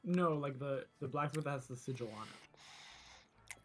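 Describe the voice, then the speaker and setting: A man serving as game master, narrating a tabletop game dramatically with loud bursts. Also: medium pitch, measured pace, a little hiss or hum.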